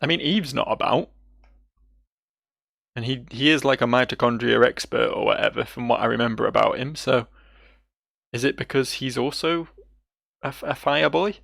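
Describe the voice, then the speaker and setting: A man's voice: mid-range voice, gravelly, a bit bright, no room sound, studio quality. A man giving wry, sarcastic commentary while playing a video game. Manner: wry, sarcastic, reads game dialogue aloud in quick put-on voices. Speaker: let's play host. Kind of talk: casual gameplay commentary.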